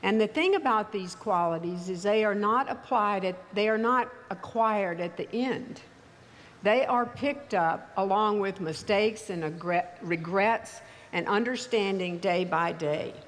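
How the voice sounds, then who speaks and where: An older woman with a mild Texas accent, giving a commencement speech in a measured, wry storytelling manner. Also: mid-range voice, a little hiss or hum. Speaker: commencement speaker. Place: large ceremony venue. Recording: reverberant hall, faint ambience.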